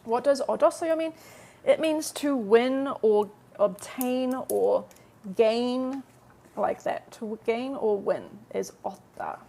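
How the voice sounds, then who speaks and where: Chatty woman teaching Korean, a bit gravelly. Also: on the high side, mellow. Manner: chatty, explains step by step, slows down to model translations. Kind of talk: live-streamed language lesson.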